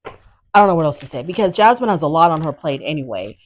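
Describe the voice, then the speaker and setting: A woman hosting a podcast, casually recapping a reality show with blunt, animated opinions and exasperated asides. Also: low voice, fast. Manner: animated, exasperated, talks straight to the subject.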